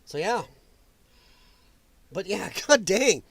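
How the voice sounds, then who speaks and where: A man's voice: high-pitched, very animated, moderate pace, long pauses, slightly rough, dry recording. A man hosting a political commentary livestream, ranting in a heated, sarcastic and mocking way. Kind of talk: livestream rant.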